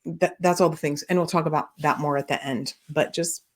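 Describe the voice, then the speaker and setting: Low-voiced woman podcaster telling a story. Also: steady tone, fairly quick. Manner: candid, rambling, many fillers and restarts. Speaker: podcast host and business coach. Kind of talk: personal storytelling monologue.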